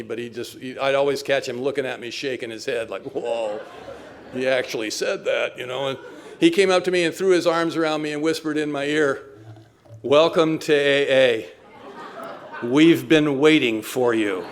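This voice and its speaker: A man's voice: medium pitch, a bit bright, a little hiss or hum. A man in his seventies giving a personal talk at a recovery meeting, telling his story in a wry, self-mocking way. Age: 70s.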